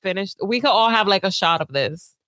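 A woman's voice: mid-range voice, expressive, fairly bright tone, no room sound. A young woman co-hosting a casual livestream, laughing easily as she chats. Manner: giggly, quick to crack up. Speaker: livestream co-host.

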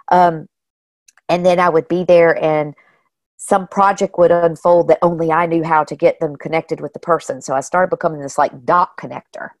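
A woman guest telling personal stories in a casual, animated way, often saying "you know" and "like". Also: low-pitched, gravelly, no echo. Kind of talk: casual storytelling.

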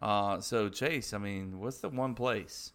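A man's voice: lowish voice, slow pace, a bit bright, clear, resonant tone. A young man co-hosting a podcast in casual chat, laid-back and drawling his questions. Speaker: podcast co-host.

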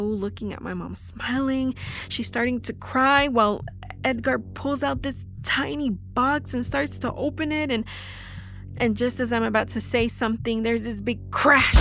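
A woman narrating a first-person horror audio drama, telling it breathlessly with halting restarts. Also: on the high side. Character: young woman recalling a family horror.

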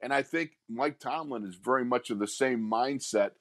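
An older man co-hosting sports radio, spinning a long anecdote with bursts of laughter and an animated, storytelling delivery. His voice is mid-pitched and captured dry and close on a studio mic. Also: normal speed, no echo. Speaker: radio co-host, former player.

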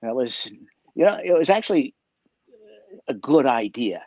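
A man's voice: mid-range voice, very animated, normal speed, darkish tone, no room sound, lo-fi sound. A man, a guest magician, telling a story in a chatty way, with many fillers, restarts and laughs, heard over a video call. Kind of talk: casual storytelling.

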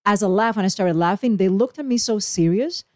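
A woman co-hosting a casual podcast, telling her stories in a rambling, emotional rush. Her voice sits at a middle pitch and sounds dry and close to the mic. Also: a little fast, darkish tone, no echo. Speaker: podcast co-host. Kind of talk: casual chat.

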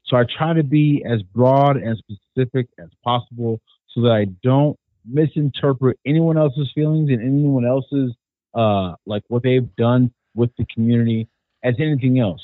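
A man from California, a guest on a podcast, talking earnestly and carefully with many fillers and pauses. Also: mid-range voice, steady tone, no echo. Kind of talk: casual podcast conversation. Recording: thin phone-like sound.

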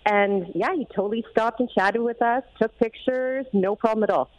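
A woman's voice: a little high, normal speed, dry recording, poor audio. Bubbly woman on a radio show. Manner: bubbly, excited storyteller. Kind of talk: casual radio chat.

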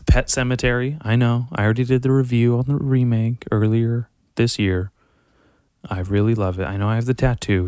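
A young man rambling casually through horror movie picks, profane and animated, sighing often. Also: mid-range voice, moderate pace, clear, resonant tone, no echo, studio quality. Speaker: vlogger reviewing horror movies. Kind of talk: casual rant to camera.

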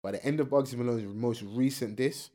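A young man, co-hosting a casual chat and talking in lively, slang-filled bursts. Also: mid-range voice, a little fast. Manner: animated, slangy, talks over his co-host. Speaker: podcast co-host. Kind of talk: casual chat about UK rap beefs.

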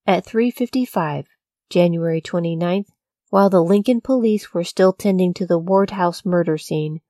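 A woman narrating a true-crime story from a script, in a measured, even storytelling delivery. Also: fairly low pitch, no echo, clean studio sound. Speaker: podcast narrator.

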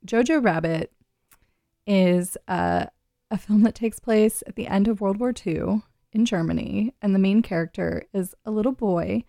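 A woman's voice: medium pitch, a little slow, vocal fry, dark tone, no room sound, studio quality. A woman hosting a live radio show in casual chat, rambling and laughing often as she talks. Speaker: radio host.

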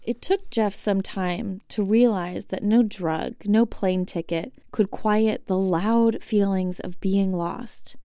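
A woman narrating in a calm, reflective scripted style. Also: mid-range voice, slow, hardly any pauses, smooth, no echo, studio quality. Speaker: host and storyteller.

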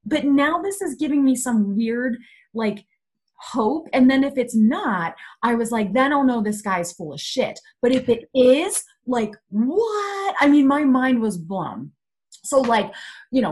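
A woman in her thirties telling a story in casual chat, animated and filled with "like". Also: on the high side, unhurried, breathy edge.

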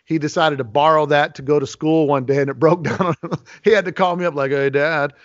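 A man in his forties talks like a host swapping stories, lively and animated, often tripping over his words and starting his sentences again. His voice sits a little high for a man. The recording sounds dull and muffled. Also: brisk. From Las Vegas. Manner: animated storyteller, many restarts. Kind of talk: casual podcast conversation. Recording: lo-fi muffled audio.

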